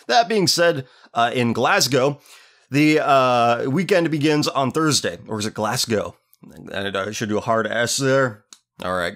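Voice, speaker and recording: A man's voice: medium pitch, expressive, measured pace, a bit bright. Male ranting host, contemptuous and foul-mouthed, ordinary mid-range voice. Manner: sneering, profane, contemptuous. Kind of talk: ranting commentary on a listener letter.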